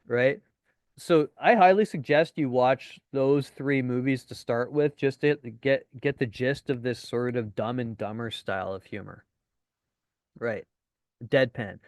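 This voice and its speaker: A man's voice: mid-range voice, a little slow, dry recording, studio quality. Casual, chatty male dating coach. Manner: chatty, swears, acts out deadpan lines. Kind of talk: casual webinar teaching.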